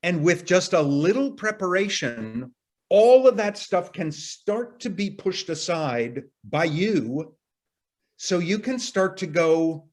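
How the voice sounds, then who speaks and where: With a high, animated voice, a man takes his time teaching an arts workshop. His phrasing is casual, with a bit of mild profanity, and he explains earnestly, occasionally restarting sentences as he works things out aloud.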